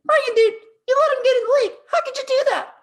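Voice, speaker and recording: A man doing a shrill, scolding young boy. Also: fast talker. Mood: indignant. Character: indignant twelve-year-old boy teammate.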